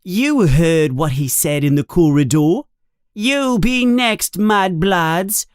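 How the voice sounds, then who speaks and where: A man's voice: high-pitched, lively intonation, slow, clear, resonant tone, no room sound, clean studio sound, pitched above the performer's own voice. A man voicing a frustrated, blunt schoolboy who speaks impatiently.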